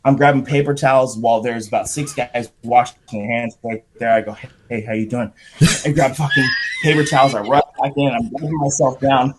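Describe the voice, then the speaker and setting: A man's voice: mid-range voice, a little fast, hardly any pauses, noisy background. Profane man telling a wild story. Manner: profane, animated anecdote with shouted quotes. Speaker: podcast guest. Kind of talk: casual storytelling.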